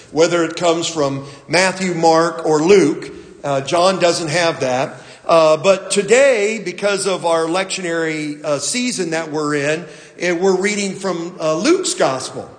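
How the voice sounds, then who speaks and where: A man preaching a sermon as pastor, telling a story slowly with some fillers and restarts. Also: high voice, fairly bright tone, echoey room, big-room sound.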